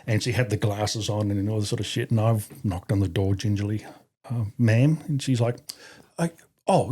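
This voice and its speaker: Husky, mellow-voiced Australian man telling stories. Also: lowish voice. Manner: swears freely, laughs through anecdotes. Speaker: podcast guest, army veteran. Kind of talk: casual storytelling interview.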